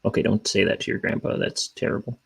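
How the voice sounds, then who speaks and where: A man's voice: quick pace, poor audio. A young man chatting casually on a livestream, rambling and self-deprecating, with hesitant restarts. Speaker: cartoonist streamer.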